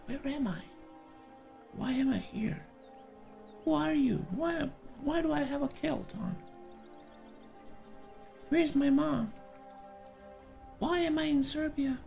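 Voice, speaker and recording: A man's voice: very high voice, slow pace, vocal fry, long pauses, a little mellow, soft background music, voice pushed up, heavily acted. A man voicing a frightened, lost male pig in a kilt who pleads with panicky questions. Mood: panicked.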